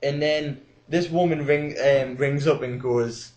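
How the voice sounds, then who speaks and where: A man's voice: a little high, steady tone, unhurried, few pauses, a little mellow, roomy sound. A young man chatting casually and telling a funny story on a podcast. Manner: storytelling, giggly. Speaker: podcast co-host. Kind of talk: casual chat.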